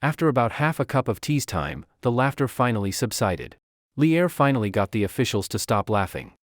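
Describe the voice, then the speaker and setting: Expressive male recap narrator. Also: medium pitch, brisk, no echo, clean studio sound.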